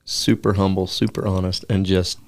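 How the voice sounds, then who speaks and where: A man with a slightly low, gravelly voice co-hosts a casual show. He tells stories in a chatty, relaxed way. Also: moderate pace. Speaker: co-host. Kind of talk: casual radio chat.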